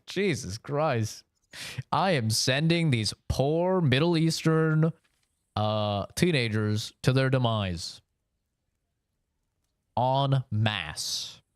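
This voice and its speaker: A man streaming games and talking off the cuff to his chat, with a smooth, clean voice at an ordinary middle pitch. He rambles, swears casually and keeps checking in with "you know", heard close and dry with no room around him. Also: no echo. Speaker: gaming streamer.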